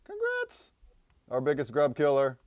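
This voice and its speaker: A man's voice: a little high, huge pitch swings, unhurried, no room sound, studio quality. Upbeat man hosting a live stream. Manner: upbeat, laughs often, announces winners. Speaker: stream host. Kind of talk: casual live-stream chat.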